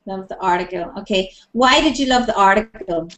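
A woman's voice: medium pitch, a little fast, a bit bright. A woman teaching English in an online class over a video call, encouraging and repeating her praise often.

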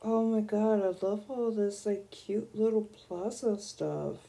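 A young woman streaming a video game, gushing and excitable as she squeals over new items. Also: medium pitch, slow, vocal fry. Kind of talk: casual gameplay commentary.

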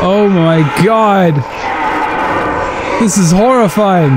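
A man's voice: high voice, very slow, long pauses, very noisy. A man commentating a horror game playthrough, frightened, exclaiming and swearing as he narrates each move. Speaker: gaming channel host. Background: game music.

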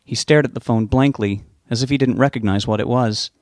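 Man, audiobook narration, steady, measured, middling pitch, dry close sound. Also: no echo. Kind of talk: scripted novel narration.

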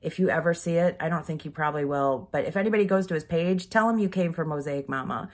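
This mother speaks fast in a deep voice, opening up in a candid personal vlog. She's close to tears, rambling and heartfelt, with "like" coming up again and again.

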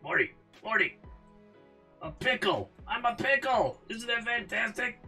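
A man doing an impression of a manic, gleeful old male mad scientist, shouting excitedly. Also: very high voice, a little slow, creaky, far from the mic, soft background music, voice pushed up, exaggerated voice.

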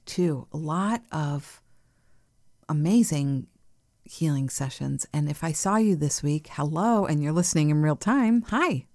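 A woman hosting a spiritual podcast in a soft, nurturing way, laughing easily and sometimes dropping to a whisper. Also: low voice, creaky, no room sound, studio quality. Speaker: podcast host. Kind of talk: gentle spiritual podcast chat.

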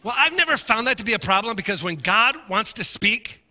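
High, bright-voiced male preacher in a reverberant hall. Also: lively intonation, brisk. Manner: storytelling, swings from quiet asides to impassioned shouting. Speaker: pastor. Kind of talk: sermon. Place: large church sanctuary.

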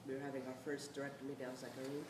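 A middle-aged woman from the South Bronx, telling stories on a panel in a blunt, animated way, swearing freely and laughing often. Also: rumbling low, rapid-fire. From South Bronx, New York. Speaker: playwright on a discussion panel. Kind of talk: candid storytelling on a panel. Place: theatre or auditorium. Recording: echoey hall, distant mic, noisy.

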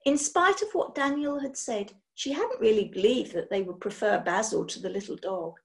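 A woman reading a children's story aloud in an expressive, animated way. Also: fairly high pitch, normal speed. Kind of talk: children's book read-aloud.

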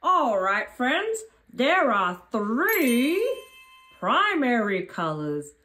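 Brief: calm, patient kids'-show teacher friend, lower and slower than the host, measured delivery, voiced by a woman. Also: slight background noise, full character voice. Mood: teaching. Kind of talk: children's educational role-play.

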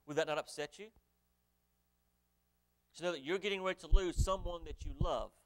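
Man, pastor, sermon, rather high voice, smooth and resonant, rhetorical questions, scripture reading. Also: normal speed. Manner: asks the congregation rhetorical questions; reads scripture aloud in old-fashioned wording.

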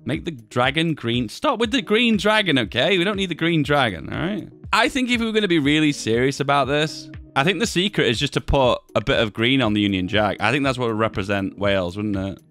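A man's voice: medium pitch, lively intonation, fairly quick, hardly any pauses, fairly bright tone, soft background music. A man hosting a casual video, chatting as he edits images, often asking viewers what they think and laughing at his own jokes. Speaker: video host. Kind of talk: casual commentary while editing images.

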